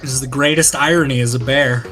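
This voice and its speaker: A man chatting casually during a game session, telling lively stories and acting out other people's lines. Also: medium pitch, quick pace, faint music behind. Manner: animated storyteller who acts out quoted voices. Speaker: co-host of a gaming let's play. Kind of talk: casual chat.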